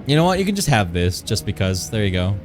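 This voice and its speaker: Male streamer, lowish voice, loose and rambling casual chat with viewers, light music underneath. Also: sing-song, quick pace. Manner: playful, rambling, chats with viewers. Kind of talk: casual live-stream chat while drawing.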